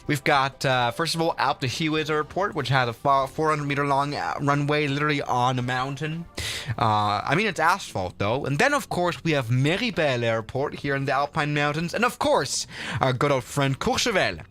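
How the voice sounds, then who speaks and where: A man's voice: a little high, expressive, normal speed, fairly bright tone, faint music behind. A man hosting a casual flight-sim livestream, chatty and rambling, with lots of fillers and restarts.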